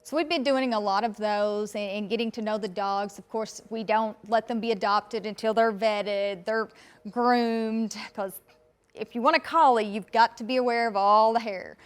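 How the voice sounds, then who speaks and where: This interview guest, a dog rescue volunteer with a Southern American accent, responds plainly at a moderate pace. Her pitch is fairly high and her intonation fairly even.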